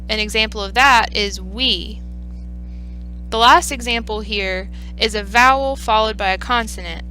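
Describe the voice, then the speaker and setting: A woman giving a scripted lesson on teaching reading, speaking clearly and in a measured way, slowing down on example words. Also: mid-range voice, bright, forceful tone, low-quality recording. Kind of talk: scripted instructional narration.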